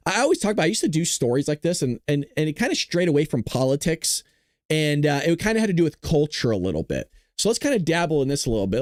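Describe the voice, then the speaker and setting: A man hosting a political commentary show who talks bluntly, swears, and gets animated. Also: fairly high pitch, dry recording, studio quality. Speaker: host.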